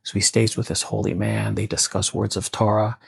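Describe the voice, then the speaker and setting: A man telling a story in a casual, conversational way with asides, his voice gravelly and husky. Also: lowish voice, little pitch movement, brisk, no echo. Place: bungalow colony.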